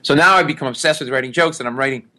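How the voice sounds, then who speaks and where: A middle-aged man with a mid-range voice races through a long story as a guest in a casual interview. He's an animated storyteller who acts out the people he describes.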